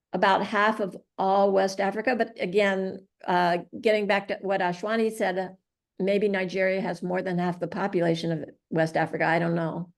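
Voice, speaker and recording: A woman hosting an online class over a video call, encouraging others and moving the session along. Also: medium pitch. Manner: encouraging, with steady backchannel. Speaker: class host.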